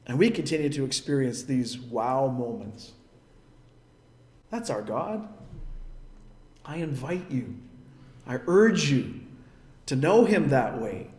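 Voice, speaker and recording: A man's voice: mid-range voice, sing-song, slow, pauses often, a little mellow, reverberant. A man preaching a sermon as a pastor, telling a story in an earnest, emphatic way.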